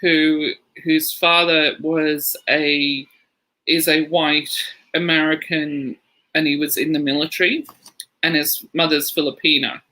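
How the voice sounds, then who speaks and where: A man tells stories in loose, casual podcast chat, wandering off on tangents and laughing along the way. His voice sits a little high and sounds very bright and sharp. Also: little pitch movement, measured pace, poor audio. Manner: rambling storyteller, laughs through anecdotes. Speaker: podcast co-host.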